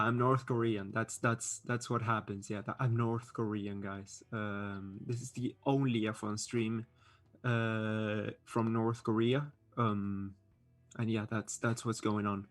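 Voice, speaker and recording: A man's voice: fairly low pitch, level tone, takes it slowly. Casual streamer, male, non-native English speaker, hesitant and chatty, faint music underneath. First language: not English. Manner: chatty, hesitant with many fillers and restarts. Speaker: livestream host reading chat. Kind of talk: casual live-stream commentary.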